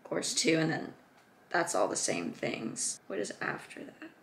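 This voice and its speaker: Young woman, student vlogger, excited and gushing, fairly low voice, casual chat. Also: a little slow, creaky. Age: young adult. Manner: excited, gushing, lots of gasps and fillers.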